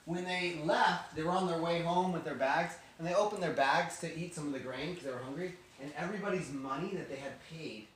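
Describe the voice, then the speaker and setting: A man's voice: a little high, brisk, hardly any pauses, distant mic. Chatty man telling a story in an echoey room. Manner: animated, chatty, acts out quotes. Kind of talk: casual Bible storytelling.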